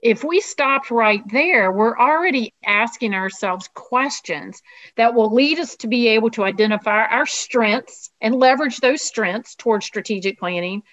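A woman's voice: on the high side, a bit bright. Woman co-presenting over a video call. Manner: brisk and explanatory, asks rhetorical questions. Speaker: webinar co-presenter. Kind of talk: presenting in a webinar. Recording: muffled video-call audio.

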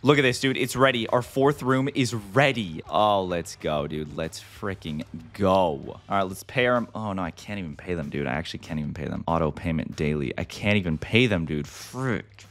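A man giving excitable gameplay commentary as the host, talking to himself and to viewers and calling everyone "dude". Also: sits low, moderate pace, few pauses. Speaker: gaming video host.

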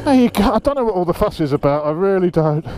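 Joking trail rider, fairly high voice. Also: male voice, lively intonation, fast, a little mellow. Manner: teasing, jokey, laughing often. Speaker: motorcycle vlogger. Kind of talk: casual banter while trail riding. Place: outdoors on off-road hill trails.

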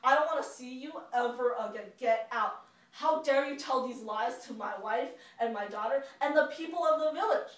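Angry man figure, woman reader doing it, loud and threatening, echoey and distant. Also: high-pitched, animated, normal speed. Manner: shouting, raising voice. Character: angry male village voodoo man, threatening. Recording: echoey room from far off.

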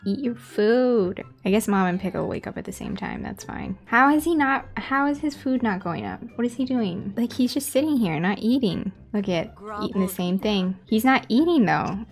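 A woman's voice: medium pitch, darkish tone. A woman hosting a gaming video, chatting casually and reacting aloud as she plays. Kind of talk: casual gameplay commentary.

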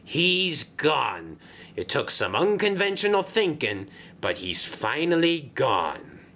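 A man voicing a sly male dockside engine that speaks in a low murmur. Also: very animated, slow, sharp tone, slight background noise, full character voice.

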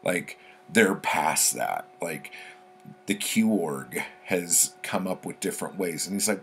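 A man's voice: extremely low pitch, animated, moderate pace, creaky, fairly bright tone, a little hiss or hum. A man casually retelling a horror story for his book vlog, rambling with lots of fillers and the odd swear word. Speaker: book vlogger. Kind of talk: casual spoken book summary.

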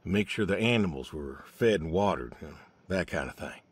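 A man's voice: low voice, expressive. An actor playing a guilty older farmer who stammers and halts as he talks on the phone. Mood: hurried. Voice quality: husky, halting, stammering. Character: weary old male farmer, guilty and stammering. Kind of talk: video game voice acting.

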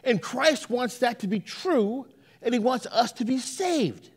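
A man's voice: very high-pitched, unhurried, husky. A male pastor preaching a sermon in a church, telling stories and acting out the quotes. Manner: animated storytelling with acted-out quotes.

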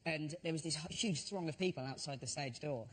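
A man's voice: on the high side, fairly quick, slightly rough. A man telling comic anecdotes as a panellist on a TV panel show, acting out the voices of people in his stories. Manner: animated storyteller acting out voices. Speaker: comedian panellist. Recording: TV studio audience noise.

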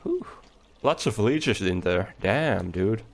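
A man giving relaxed, chatty commentary while playing a game, talking to the creatures on screen. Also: fairly low pitch, slow pace, vocal fry. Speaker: let's play gamer. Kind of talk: casual gameplay commentary. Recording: faint game music behind.

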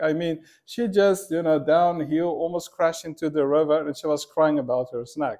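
A man's voice: a little high, normal speed, few pauses, darkish tone. A male pastor giving a sermon in a casual, storytelling way, with many fillers and asides. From from abroad, not from Korea.

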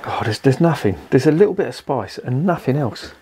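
A man's voice: medium pitch, lively intonation, fairly quick, mellow, slightly rough. A man reviewing a beer in a rambling, profane, exasperated rant. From England. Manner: swears constantly, rambling and exasperated.

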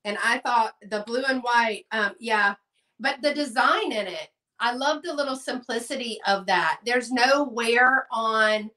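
A woman's voice: fairly high pitch, a little slow, pushed and bright, recorded from a distance. A chatty woman hosting a live sale stream, reading out bids and saying y'all. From Texas. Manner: chatty, says y'all, reads bids aloud. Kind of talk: live selling stream, casual chat.

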